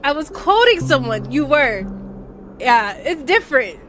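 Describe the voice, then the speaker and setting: A young woman streaming live, chatting casually and swinging from loud excited squeals to low mutters. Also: moderate pace, a little hiss or hum. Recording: game music playing behind.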